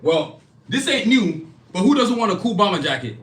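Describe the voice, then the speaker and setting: A man hosting a live stream, pitching his own comic art and merch in a hyped, casual way, repeating himself and talking straight to viewers. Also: sing-song, moderate pace, echoey room. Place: indoor studio, clothing hanging behind him.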